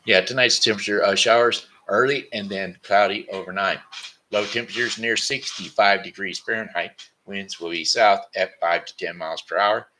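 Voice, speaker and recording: Tired male home-show host with a low, bright voice, rambling and repetitive. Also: fairly even intonation, moderate pace, a little hiss or hum. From Missouri, United States. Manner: repeats words, stumbles and corrects himself. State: tired, sleepy. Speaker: host of a daily home broadcast. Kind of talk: rambling casual monologue.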